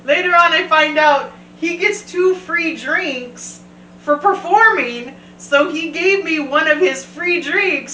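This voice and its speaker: A woman host tells a story in a bright, clear voice, acting out the other people in it. She sits some way from the mic in an echoey room. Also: extremely high pitch, takes it slowly, recorded from a distance, a little hiss or hum. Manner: animated storyteller, acts out quotes. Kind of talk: casual storytelling.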